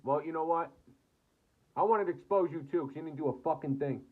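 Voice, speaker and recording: A man's voice: a little high, a little fast. An American man delivering an angry, profanity-filled rant to camera, cursing and repeating himself. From United States. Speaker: vlogger. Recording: tinny phone-like audio.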